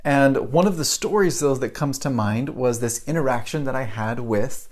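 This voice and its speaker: A man in his thirties hosting a podcast, telling a story casually to camera, animated, chuckling often and tossing in rhetorical questions. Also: mid-range voice, moderate pace. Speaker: podcast host.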